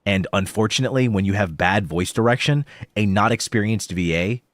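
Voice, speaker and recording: A man's voice: fairly low pitch, a little fast, no room sound, clean studio sound. A man giving casual, blunt commentary as he critiques voice acting and swears freely. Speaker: streamer reviewing voice acting.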